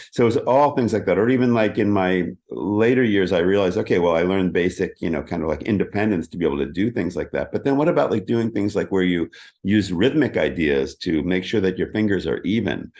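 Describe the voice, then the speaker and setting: A middle-aged man with a fairly low voice talks in an easy, chatty interview manner. He is animated and often breaks into sung "da da da" patterns to show a rhythm. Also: fairly quick. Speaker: interview guest, keyboardist. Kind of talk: casual interview chat.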